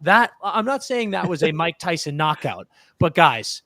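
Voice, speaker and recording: A man holds forth on a live sports podcast, animated and argumentative, cursing casually as he defends his point. His voice sits on the high side for a man. The sound is close and dry, with no room around it. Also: moderate pace, no room sound. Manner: animated, swears freely, argues his point. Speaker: podcast co-host. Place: podcast studio.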